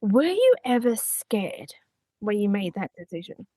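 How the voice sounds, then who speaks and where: A woman's voice: mid-range voice, sing-song, a little slow, warm tone, no room sound. A woman hosting a podcast interview, reacting with eager exclamations and asking questions. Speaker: podcast host. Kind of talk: casual interview.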